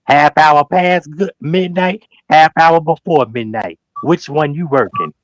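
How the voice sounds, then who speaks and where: A man with a somewhat high voice preaches and calls people out on a livestream, hammering home each point with repetition. He acts out other people's words in mocking asides, and his voice sounds close and dry, with no room echo. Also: unhurried. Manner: emphatic, preachy, addresses people directly and repeats phrases; slangy, animated storytelling with mock quotes. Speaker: guest on a livestream talk show. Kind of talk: heated livestream call-out talk.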